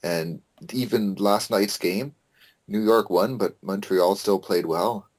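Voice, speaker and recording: A man with a very low-pitched voice talks in a loose, casual podcast chat. He gets excitable, drops the odd swear word and restarts his sentences as he goes. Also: slow pace. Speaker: podcast co-host.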